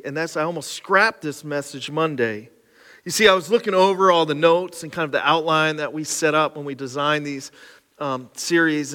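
A man with a fairly high, bright, forceful voice preaches in a church, loose and conversational, poking fun at himself as he goes. His words ring out with a long church-hall reverb, and soft instrumental music sits faintly behind him. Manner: casual, conversational preaching with self-deprecating asides. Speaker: pastor. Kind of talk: sermon with opening prayer. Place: church sanctuary.

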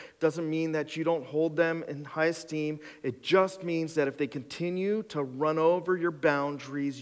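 A male pastor preaching a sermon in a conversational, emphatic way, counting off numbered points, in a church sanctuary. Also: fairly high pitch. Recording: long hall reverb.

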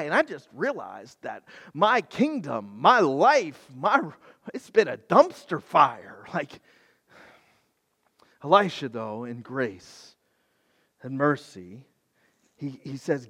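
A high-voiced man preaching in a casual, animated way, slipping into the voices of the characters in his story. His words ring out with a long reverb across a large hall. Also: slow, pauses often, breathy edge. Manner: animated and conversational, acting out biblical characters. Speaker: pastor. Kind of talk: sermon.

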